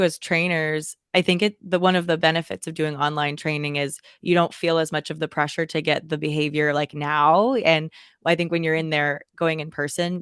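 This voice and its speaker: A woman host chats in a relaxed, reflective way during a casual interview. She laughs easily. Her voice sits on the low side, and the sound is dry and close with no room echo. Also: smooth. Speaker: podcast host.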